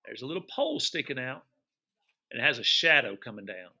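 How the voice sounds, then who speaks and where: A middle-aged man talks through his travel photos for students in a fairly quick, sharp-toned, mid-range voice with big pitch swings. He teaches with chatty enthusiasm, repeating words and quizzing his audience throughout.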